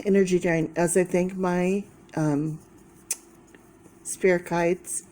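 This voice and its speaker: A woman's voice: on the low side, fairly even intonation, unhurried, mellow, a little hiss or hum. A woman doing a casual tarot reading to camera, thinking aloud and repeating key words as she explains the cards. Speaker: tarot reader.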